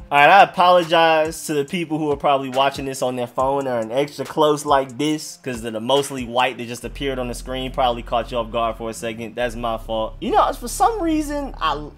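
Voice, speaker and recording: Male vlogger, casual slangy talk, rambling and unsure, mid-pitched, faint music behind. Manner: rambling, thinking aloud, many hedges and restarts. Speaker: sports fan video host. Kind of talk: casual commentary.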